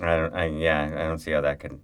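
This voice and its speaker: A man's voice: very deep voice, flat delivery, brisk, fairly bright tone, clear, resonant tone, dry recording. A man co-hosting a casual podcast chat, blunt and grumbling, with plenty of swearing and hesitant restarts. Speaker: podcast co-host.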